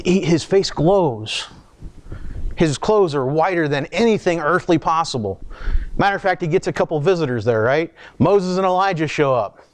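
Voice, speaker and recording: A man delivering a sermon in a conversational style, reading scripture aloud with asides and restarts. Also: fairly high pitch. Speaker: preacher.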